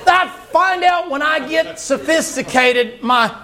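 A male preacher delivers a folksy sermon. His voice sits very high and often climbs into shouts. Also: slow pace, a crowd in the background. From Southern United States.

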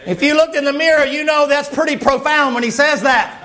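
A man's voice: very high voice, fairly even intonation, brisk, bright, forceful tone. A man, preaching a fervent, folksy revival sermon and hollering his points.

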